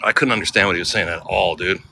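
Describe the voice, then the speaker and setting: A man's voice: sits low, steady tone, fast, vocal fry. An American man in a casual, rambling travel vlog, chatting as he walks outdoors and laughing often. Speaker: travel vlogger. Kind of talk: casual walking vlog chat. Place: outdoors on a city street. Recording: city street noise with traffic.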